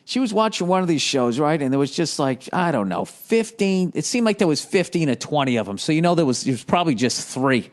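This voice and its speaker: A man's voice: fairly high pitch, sing-song, fairly quick, hardly any pauses. Grumpy profane man ranting on a podcast. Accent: Boston. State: mentally exhausted. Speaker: podcast host. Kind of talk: rambling comedic monologue.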